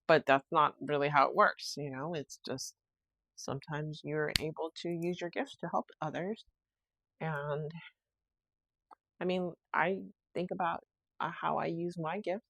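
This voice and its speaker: A woman's voice: low voice, no echo. A young woman hosting a solo podcast, rambling in a chatty, self-reflective way. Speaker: podcast host. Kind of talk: casual solo podcast chat.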